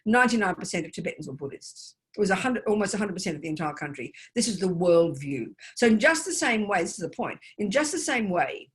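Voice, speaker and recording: Older nun lady giving a dharma talk, punchy and emphatic, lots of rhetorical questions. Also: medium pitch. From Australia. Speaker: Buddhist nun teacher.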